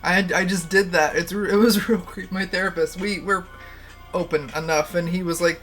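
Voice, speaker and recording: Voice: mid-range voice, fairly even intonation, fairly quick, fairly bright tone, soft background music. A livestream host chatting casually, rambling and candid, laughing often and swearing freely. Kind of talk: casual stream chat.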